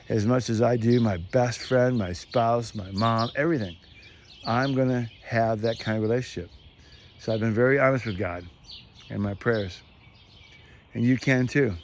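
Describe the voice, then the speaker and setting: A middle-aged man chatting outdoors in a rambling, earnest way, often chuckling as he goes. His voice sits at an ordinary pitch. Faint birdsong and ambient noise drift behind him. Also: darkish tone. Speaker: vlogger. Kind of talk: casual faith talk to camera. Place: outdoors among trees.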